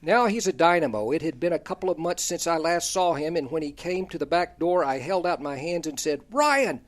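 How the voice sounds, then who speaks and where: An older man hosts a talk show, reading aloud a folksy, funny personal column about kids, chuckling at his own jokes before sliding into casual chat. His voice is a little high and fairly quick.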